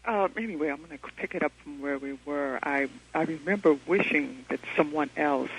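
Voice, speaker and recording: A man calling in to a radio talk show, telling his story in an earnest, excitable way over the phone. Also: on the high side, brisk, slightly rough. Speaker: caller. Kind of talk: call-in storytelling. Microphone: telephone. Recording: muffled phone line.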